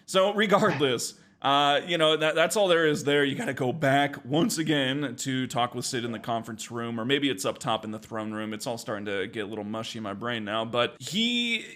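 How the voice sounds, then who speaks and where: A man's voice: medium pitch, moderate pace, hardly any pauses, a bit bright. A man co-hosting a podcast in casual chat, joking and exaggerating for laughs. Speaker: podcast co-host.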